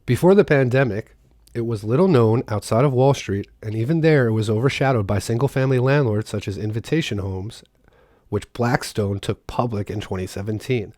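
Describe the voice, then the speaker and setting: A man's voice: medium pitch, a little fast, darkish tone, no echo, studio quality. A man reading a news article aloud and breaking off for sarcastic commentary. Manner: sarcastic, breaks off to mock the text. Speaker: political commentator.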